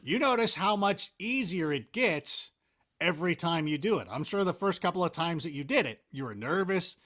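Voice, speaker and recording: A man talking as a guest in a casual interview, animated, rambling and self-mocking. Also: on the high side, normal speed. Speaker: interview guest, NFL analyst.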